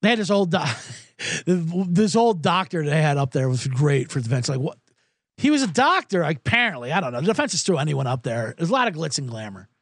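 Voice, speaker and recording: A man's voice: fairly high pitch, big pitch swings, brisk, slightly rough, no room sound, clean studio sound. A male podcast host telling a profane, sarcastic comedic story and acting out the people in it. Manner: profane, sarcastic, acts out quoted voices.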